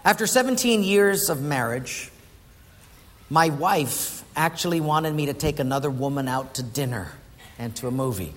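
A man's voice: a little high, animated, moderate pace. A man preaching a sermon, telling stories and asking the congregation questions. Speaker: pastor. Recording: echoey hall with faint noise.

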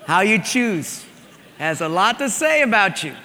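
High, bright-voiced preacher in a big hall. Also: male voice, sing-song, measured pace, slight background noise. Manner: conversational, storytelling preacher. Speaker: pastor. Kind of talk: sermon. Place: church sanctuary. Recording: large hall with long reverb.

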